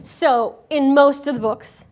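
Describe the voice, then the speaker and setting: A woman reading a picture book aloud to children at a school, expressive and animated. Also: high voice, slow pace. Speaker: storyteller.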